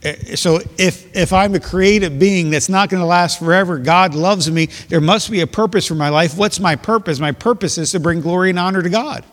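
Male pastor, earnest sermon delivery, slightly raised pitch, long hall reverb. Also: moderate pace, hardly any pauses. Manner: earnest, explanatory preaching with rhetorical questions. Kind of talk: sermon with scripture reading.

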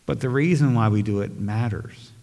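A man's voice: fairly low pitch, moderate pace, gravelly, mellow. A male pastor preaching a sermon and leading prayer, earnest and emphatic, repeating phrases for stress. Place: church sanctuary. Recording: long hall reverb.

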